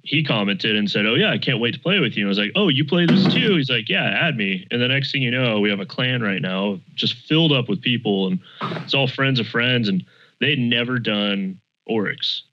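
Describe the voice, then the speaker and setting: A man in casual chat, telling gaming stories with animated energy and casual swearing. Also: mid-range voice, brisk. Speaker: podcast guest. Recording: dull lo-fi mic.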